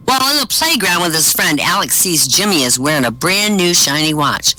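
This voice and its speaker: A man's voice: fairly high pitch, sing-song, normal speed, hardly any pauses, sharp tone, rough recording. A man telling stand-up jokes at an open-mic show over online voice chat, chuckling at his own punchlines.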